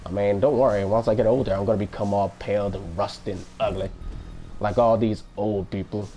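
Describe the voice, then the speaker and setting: A man's voice: on the low side, fairly even intonation, brisk, dark tone, slight background noise. A man in his twenties from Florida chatting casually on a stream, rambling and joking with many restarts. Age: 20s. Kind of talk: casual live-stream chat.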